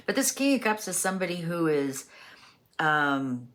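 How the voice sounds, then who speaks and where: A woman's voice: on the low side, animated, normal speed, fairly bright tone. A woman doing a chatty tarot reading, musing aloud with lots of fillers as she turns over cards. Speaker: tarot reader. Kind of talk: casual tarot reading monologue.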